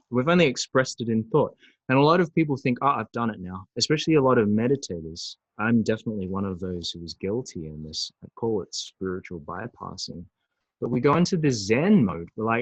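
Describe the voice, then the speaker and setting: A man presenting a recorded webinar on emotions, animated and acting out angry outbursts. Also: medium pitch, breathy edge, no room sound, poor audio. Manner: animated, acts out angry voices.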